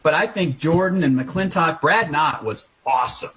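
A man's voice: on the high side, normal speed, fairly bright tone, slightly rough, rough recording. A man appearing as a legal analyst guest on a talk radio show, giving blunt, combative commentary.

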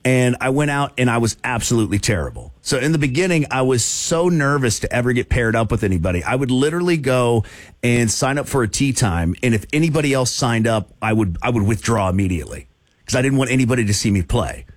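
A man hosting a radio talk show, telling a funny story with loud asides and frequent laughter. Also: mid-range voice, fast talker, no echo. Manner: animated, laughing storyteller with big voiced asides.

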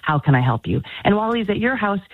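A woman's voice: medium pitch, very animated, quick pace. A woman guest author giving earnest, encouraging parenting advice on a call-in radio show. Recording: phone-line quality, dry.

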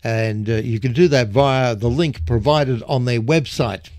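A man's voice: mid-range voice, unhurried, hardly any pauses, a little mellow, dry recording. A man presenting a radio show in a casual, chatty way with jokey asides. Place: radio studio.

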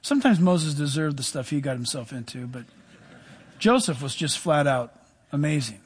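A middle-aged male pastor preaching a sermon, animated, with sudden drops to soft, low asides. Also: normal speed, slightly rough.

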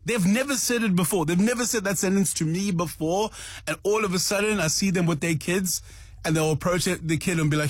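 A man's voice: high-pitched, a little fast, breathy edge, no room sound. A man with a South African accent hosting a breakfast radio show, chatting and amused. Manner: chatty, amused, mimics friends. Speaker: radio host. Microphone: studio microphone.

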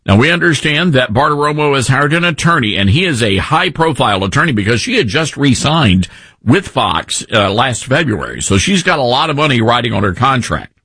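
A man hosting a talk radio show, telling stories in a conversational, animated way with frequent restarts. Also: medium pitch, a little fast, breathy edge, no echo. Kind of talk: conservative talk radio monologue.

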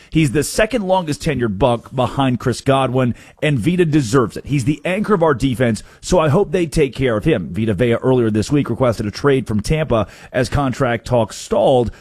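A man hosting a sports talk radio show, arguing fast with lots of stop-start restarts into a studio mic. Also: medium pitch, a little mellow, slightly rough, no room sound.

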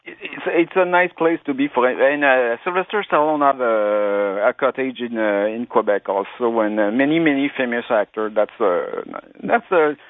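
Halting male caller on a tinny phone line. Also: medium pitch, dry recording. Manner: halting, many restarts and fillers. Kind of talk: phone-in chat.

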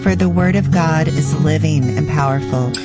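A woman reading a scripted radio announcement in a measured, clear way. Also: low-pitched. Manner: measured and clear, spells out a web address. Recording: loud music bed under the voice.

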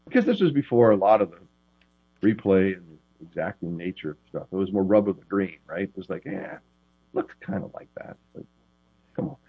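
A man who is a former quarterback, talking as a guest in a casual interview, telling rambling, animated stories full of restarts. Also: deep voice, brisk, no room sound, phone-quality sound.

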